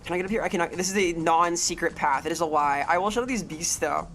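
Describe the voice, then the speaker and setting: A woman's voice: lowish voice, quick pace, fairly bright tone, faint music behind. A woman streaming a game live, rambling playfully, swearing freely and greeting chat members.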